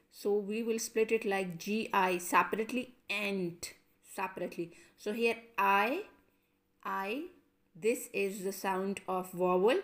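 Slow woman teacher drilling syllables. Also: medium pitch. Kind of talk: classroom lesson.

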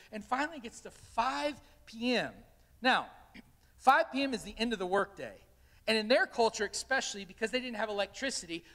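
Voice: mid-range voice, a bit bright, in a large hall. A pastor preaching a sermon, telling stories and animatedly acting out the quotes. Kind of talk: sermon with storytelling. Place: church sanctuary.

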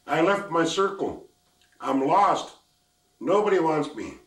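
A lost little girl, as an elderly storyteller puts her on, lifting his voice well above its usual pitch and pressing out her troubles in a plaintive, gravelly whine. She is heard in an echoey room, some way from the mic. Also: normal speed, far from the mic. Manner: plaintive, complaining. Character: lost, weeping young girl, frightened and self-pitying.

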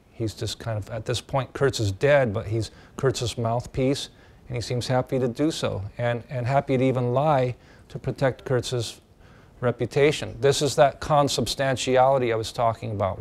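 A man teaching a class in a relaxed lecture voice. He thinks out loud and stumbles through restarts and fillers. His pitch sits in a middle range. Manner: conversational, with many fillers and restarts.

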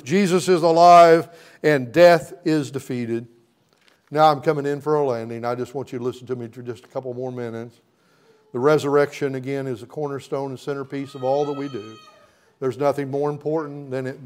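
A middle-aged man, a pastor, preaching an emphatic sermon in a church, building with repeated rising phrases. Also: mid-range voice. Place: church sanctuary.

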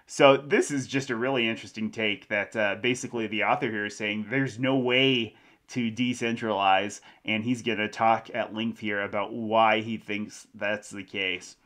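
A man's voice: fairly low pitch, steady tone, moderate pace, a bit bright. A man hosting a crypto news show, reading an article aloud and adding casual commentary with small laughs.

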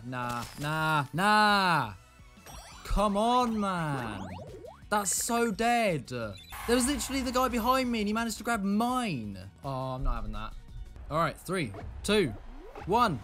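A young man giving live gameplay commentary, excitable, swinging from muttered asides to yelling at the game. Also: fairly high pitch. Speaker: gaming video creator.

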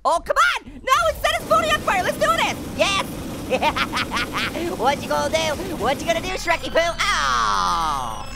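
A man's voice: very high-pitched, very animated, slow pace, vocal fry, few pauses, loud music behind the voice, exaggerated voice. A man voicing a wisecracking male talking orange who hosts cartoon game commentary, punning and giggling with constant exclamations. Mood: gleeful. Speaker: gaming channel host. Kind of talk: cartoon let's-play commentary in character.

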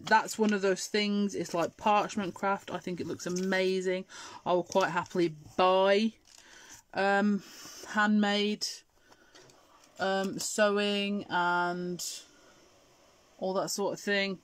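A woman's voice: medium pitch, steady tone, takes it slowly. A middle-aged woman with an English accent, hosting a live crafting demonstration and chatting to viewers while she works. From Scotland. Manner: chatty, answers viewer comments while working. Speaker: craft show host.

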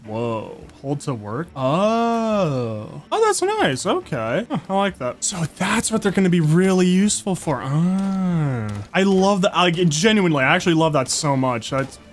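A young man giving casual gameplay commentary, chatty and excitable, often talking fondly to the creatures in the game. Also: fairly high pitch, measured pace, few pauses. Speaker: gaming YouTuber.

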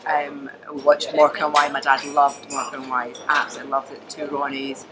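A woman comedian with a Scottish accent, chatting in an interview and telling stories with emphatic, animated delivery. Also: a bass voice, fairly quick, crowd noise, low-quality recording. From Scotland. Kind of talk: casual interview chat.

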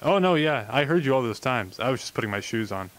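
A man's voice: mid-range voice, animated, fast talker, a bit bright, natural voice. A young man voicing a small, unbothered talking millipede in a told joke, matter-of-fact. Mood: nonchalant.

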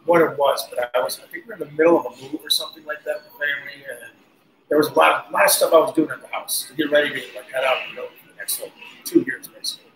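Guy with a fairly high voice telling tour stories, laughs a lot, roomy echo and faint hiss. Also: racing. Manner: animated, laughing, swears freely. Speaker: guest musician. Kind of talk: casual storytelling interview.

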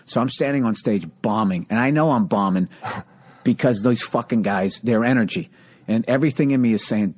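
A man from the United States, a stand-up comedian hosting a podcast, telling profane, animated stories in casual chat. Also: mid-range voice, moderate pace.

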